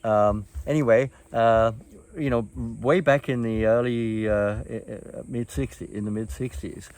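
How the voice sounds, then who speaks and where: An older man telling stories from his past in a relaxed, meandering way, with lots of ums, uhs and restarts. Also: mid-range voice. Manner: meandering, halting, many fillers and restarts. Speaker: storyteller recounting his past. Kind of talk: casual reminiscing chat.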